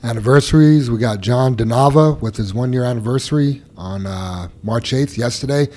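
A man's voice: mid-range voice, normal speed. A man hosting a casual workplace podcast, joking and running through announcements. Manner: relaxed, joking, runs the segments. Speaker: podcast host.

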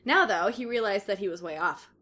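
A woman's voice: mid-range voice, fairly quick, pushed and bright. A woman co-hosting a casual comedy podcast, reading a story aloud with dramatic flair and breaking into laughter. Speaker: podcast co-host reading fan fiction aloud.

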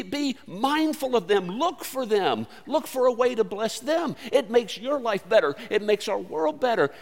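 Male pastor, high and very animated delivery, conversational sermon, long hall reverb. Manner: earnest, conversational preaching with sudden swings from loud to quiet.

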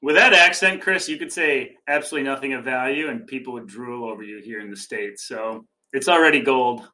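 Guy co-hosting, bright tense voice, jokes around, casual chat. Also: mid-range voice, a little fast. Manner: joking, teasing. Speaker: podcast co-host.

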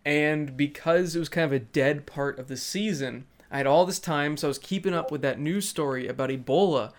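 A young man in casual chat, telling stories in an easygoing, expressive way. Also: fairly high pitch, brisk.

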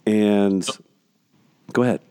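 Male podcast co-host, earnest and emphatic, mellow timbre, dry close sound. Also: on the low side, fairly even intonation, slow, clean tone, dry recording. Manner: earnest, repetitive emphatic phrasing. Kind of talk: casual faith discussion.

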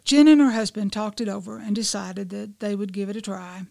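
A woman reading a devotional she wrote, in measured, gentle storytelling with soft hushed passages. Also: medium pitch, fairly even intonation, vocal fry, dry recording. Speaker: devotional writer and presenter.

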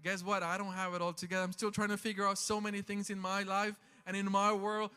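Bright high-voiced impassioned male preacher. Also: flat delivery, fast, smooth, long reverb tail. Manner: impassioned, swings from loud calls to quiet talk. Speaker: pastor. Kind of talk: sermon. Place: church sanctuary.

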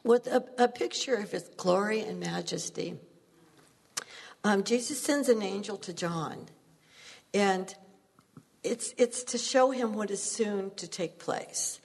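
A woman's voice: medium pitch, slow pace, vocal fry, darkish tone, husky, long reverb tail. A woman preaching a sermon, telling stories earnestly and laughing at herself now and then.

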